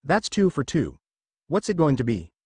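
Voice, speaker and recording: A man reads out a defiant teenage boy ninja, shouting his anger at the powers over him. The voice leaps up and down in pitch. It sits close and dry, with no room sound. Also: wildly swooping pitch, moderate pace, husky, no room sound, heavily acted. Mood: furious. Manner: shouting, ranting.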